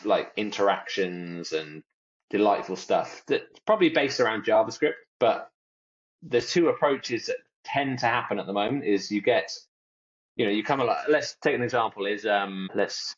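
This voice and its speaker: A man's voice: lowish voice, lively intonation, normal speed, highs cut off. A man co-hosting a podcast in casual chat, rambling and jokey and mimicking other people's phrases. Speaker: podcast co-host.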